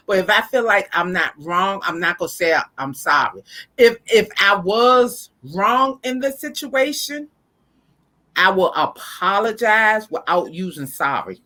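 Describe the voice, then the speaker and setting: A middle-aged woman hosts a relaxed podcast conversation, reading listener comments aloud. Her voice is bright and clear at a middle pitch. She speaks emphatically and often repeats words while she works out her thoughts. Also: slow. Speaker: podcast host.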